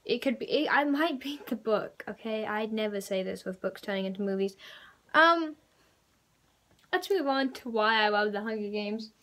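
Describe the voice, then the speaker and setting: A young woman vlogging a casual trailer reaction, rambling and excitable with lots of fillers. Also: fairly high pitch, normal speed.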